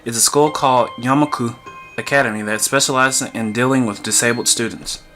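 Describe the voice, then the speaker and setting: A man voicing a calm middle-aged male hospital doctor who explains things in a measured, reassuring way. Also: mid-range voice, faint music behind, lightly acted.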